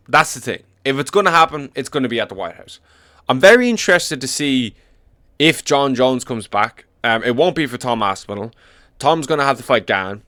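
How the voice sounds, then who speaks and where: A young Irish man rants about fighters like an MMA commentator, blunt, swearing heavily and hammering points through repetition. His voice is medium-pitched and fairly bright, recorded clean in a studio with no room sound.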